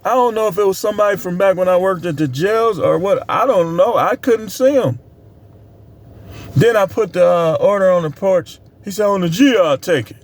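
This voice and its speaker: A man's voice: high voice, moderate pace. Blunt, preachy middle-aged man. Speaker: vlogger. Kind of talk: casual monologue.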